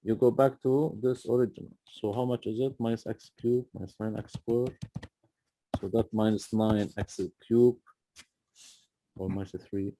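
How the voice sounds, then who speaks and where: A man's voice: lowish voice, fairly even intonation, moderate pace, mellow. Patient man tutoring math. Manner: patient, repeats "okay?" to check understanding. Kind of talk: live tutoring session.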